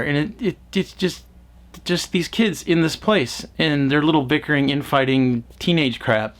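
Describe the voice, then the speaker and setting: A movie reviewer with a fairly high-pitched voice talks about a film at an unhurried pace. His casual review rambles, dripping with sarcasm, exasperated asides and a bit of swearing, and he mocks the voices he quotes.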